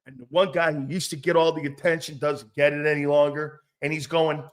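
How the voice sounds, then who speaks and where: A man's voice: a little high, moderate pace, few pauses, fairly bright tone. A middle-aged man hosting an opinionated sports talk show, blunt and profane, now and then mocking others in put-on voices.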